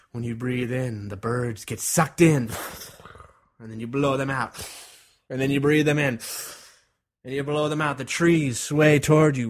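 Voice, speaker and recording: A man's voice: a little high, measured pace. Man narrating a dramatic guided visualization. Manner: vivid, dramatic storytelling, dropping at times to a hushed whisper.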